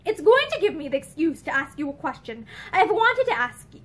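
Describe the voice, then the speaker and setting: A woman reading the lines of a young man who questions quietly and persistently. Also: high voice, sing-song, a little fast. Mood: determined. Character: earnest young Englishman, persistent and probing.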